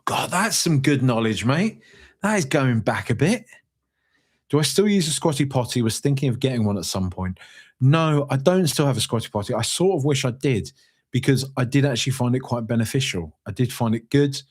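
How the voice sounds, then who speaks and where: A man's voice: mid-range voice, lively intonation, a little fast, breathy edge. A man around forty hosting a solo fan podcast on a studio microphone, reading live chat and reacting in an emotional, rambling way with lots of restarts. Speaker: podcast host.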